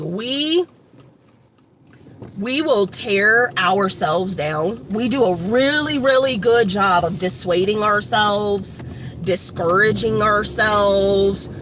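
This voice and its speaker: A woman from Evanston, Illinois, giving a casual, rambling motivational talk to her phone camera outdoors, slangy and animated with lots of asides. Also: medium pitch. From Evanston, Illinois, USA. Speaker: motivational vlogger. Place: outdoors by a street with shops. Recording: outdoor traffic noise.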